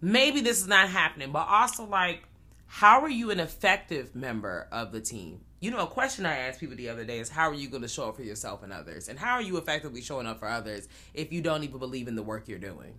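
A woman's voice: a bass voice, very animated, fast, sharp tone. A woman co-hosting a podcast, chiming in with laid-back quips and musings during a casual film chat. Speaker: podcast co-host.

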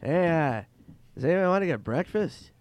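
A man doing a high, drawling impression of a befuddled, deadpan middle-aged comedian friend who opens with a puzzled "ah, what?". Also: moderate pace.

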